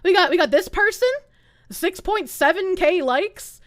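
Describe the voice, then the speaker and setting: A woman's voice: very high voice, expressive, a little slow, no echo, clean studio sound. A woman streamer ranting live in heated, sarcastic, profane commentary. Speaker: Twitch streamer.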